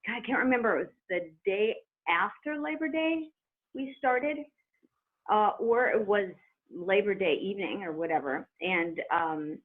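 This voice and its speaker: A woman's voice: mid-range voice, unhurried. Middle-aged woman chatting away on a phone line, telling stories, laughs a lot. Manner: chatty, animated storyteller who laughs as she talks. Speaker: guest, former wrestler. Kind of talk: telling a story in an interview.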